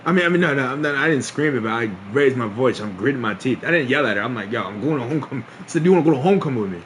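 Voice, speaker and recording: A man's voice: mid-range voice, animated, rapid-fire, a little hiss or hum. A young man streaming a casual storytime, laughing often and restarting his sentences in slangy talk.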